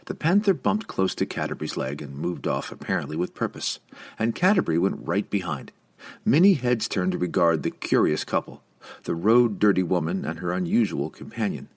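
A man with a low, slightly husky voice reads a fantasy novel aloud. His delivery is expressive, with a lively, rolling melody. It is a steady, scripted audiobook narration. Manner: expressive storytelling with lively inflection.

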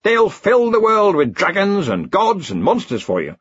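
A hearty, blustering old wizard chief, done by a man booms along breezily in a raised voice. The tone is husky and the recording dull and dry. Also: huge pitch swings, moderate pace, a bit bright, no echo, heavily acted. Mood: jovial.

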